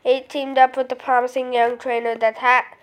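A woman's voice: high-pitched, level tone, moderate pace, slight background noise, natural voice. A woman voicing a cheerful woman professor, reading game text aloud playfully. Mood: chatty.

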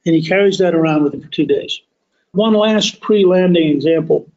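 A man hosting a podcast, telling a history story as a deliberate, emphatic monologue that stretches key words. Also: fairly high pitch, darkish tone, muffled recording. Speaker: podcast host.

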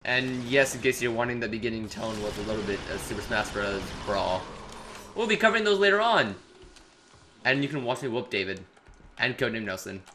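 A man's voice: mid-range voice, lively intonation, a little fast, pushed and bright, slight background noise. A man co-hosting a gaming channel, chatting and joking casually while playing.

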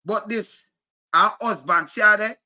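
Fired-up high-voiced Jamaican man. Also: measured pace. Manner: animated, repetitive, mixes Patois and English. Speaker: commentator. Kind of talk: heated commentary rant.

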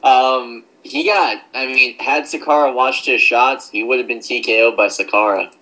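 A man's voice: medium pitch, fairly even intonation, moderate pace, sharp tone, poor audio. Opinionated male podcast co-host. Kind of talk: casual chat.

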